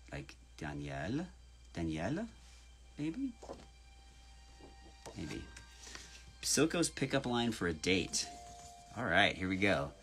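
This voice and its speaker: A man's voice: low-pitched, gravelly, fairly bright tone, slight background noise. A man chatting casually on a live stream, reading out fans' names, spelling them, and signing orders in a playful way.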